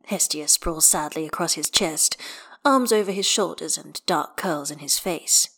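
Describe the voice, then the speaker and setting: A woman narrating a story aloud in a measured, unhurried manner. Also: fairly low pitch, fairly bright tone.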